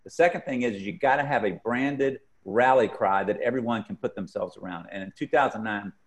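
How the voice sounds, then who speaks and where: Male podcast co-host, mid-pitched, emphatic and conversational. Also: a little fast. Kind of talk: casual podcast chat.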